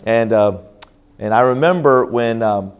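A man's voice: medium pitch, measured pace, clean tone. A man preaching as a pastor at a church conference, telling a personal story with frequent restarts and fillers. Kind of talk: sermon testimony.

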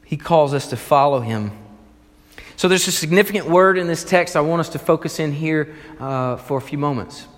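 A male pastor preaching a sermon, retelling a story with animated, emphatic delivery. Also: a little high, normal speed, big-room sound.

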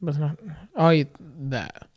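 Wisecracking young man, higher voice. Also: normal speed, darkish tone. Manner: crude joking, wisecracks. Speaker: podcast co-host. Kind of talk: casual chat.

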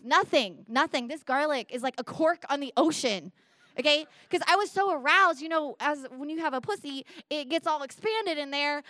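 A young woman spins a bawdy comic tale with a fairly high voice and lively, animated delivery. She slips into voiced asides as she goes. The sound is close and dry, with no room echo. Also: normal speed. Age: young adult. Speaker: storyteller. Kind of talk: comic storytelling.

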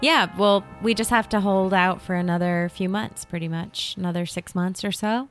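A woman's voice: mid-range voice, fairly even intonation, moderate pace, soft background music. A woman from Connecticut co-hosting a podcast in casual chat, full of teasing banter. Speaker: podcast co-host.

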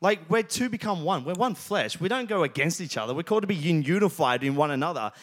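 A man in his thirties delivers a sermon with a noticeably high voice. He tells stories casually, then swells into loud, insistent declarations. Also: animated, quick pace. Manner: storytelling, builds to loud emphatic passages. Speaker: pastor.

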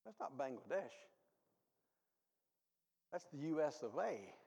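A male pastor delivers a sermon with a lively, swooping delivery, his fairly high voice rising to loud exhortation and dropping to quiet asides. He mixes in self-deprecating humor. A long reverb from the church hall trails behind his words. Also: takes it slowly, gravelly, slightly rough, muffled recording. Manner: animated, swings from low asides to loud exhortation; self-deprecating humor, reads ads aloud for laughs. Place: church sanctuary.

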